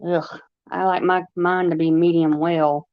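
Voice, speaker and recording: A woman's voice: on the low side, flat delivery, a little slow, dry recording. A woman with a Long Island accent hosting a casual livestream, chatting in a rambling way full of fillers. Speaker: livestream host. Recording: dry, slightly dull lo-fi recording.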